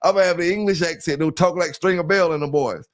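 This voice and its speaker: A talkative middle-aged man with a Southern US accent and a fairly high voice. He hosts a casual livestream in a loose, rambling way and keeps checking in with his listeners. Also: fast. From South Carolina. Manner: loose and talkative, keeps saying "you know what I'm saying", greets chat members. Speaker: livestream host.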